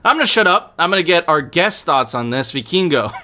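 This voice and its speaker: A man's voice: on the high side, a little fast, hardly any pauses. A man hosting a live stream, chatting casually with profanity and frequent laughter. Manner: profane, laughing, animated ranting. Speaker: podcast host.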